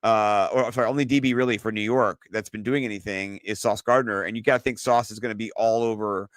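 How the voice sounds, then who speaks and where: A man co-hosting a sports podcast, talking excitedly and loosely, with lots of fillers and some swearing. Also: fairly low pitch, fast, no echo. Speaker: podcast co-host. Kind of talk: casual sports chat.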